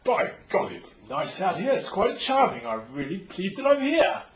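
A man's voice: high-pitched, sing-song, moderate pace, a crowd in the background. A man voicing a delighted newborn baby with a put-on English accent that has a trace of New Zealand in it.

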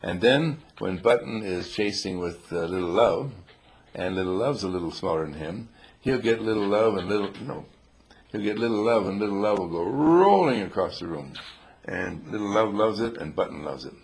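An older man with a very deep, gravelly voice tells rambling, humorous stories to a small group. He talks playfully, chuckles often and drops old-fashioned exclamations. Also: lively intonation, normal speed, a little mellow.

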